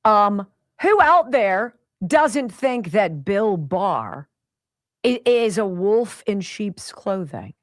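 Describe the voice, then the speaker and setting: A woman's voice: mid-range voice, sing-song, drawn-out words, no room sound, clean studio sound. A woman hosting a radio talk show, speaking with indignant emphasis and speeding up when paraphrasing.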